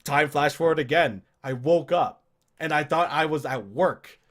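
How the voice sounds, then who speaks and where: A man's voice: a little high, normal speed. A young man from Canada telling a rambling drinking story in casual chat, swearing and acting out what he said. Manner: animated, swearing, telling a drunk story with voiced quotes. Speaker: podcast co-host.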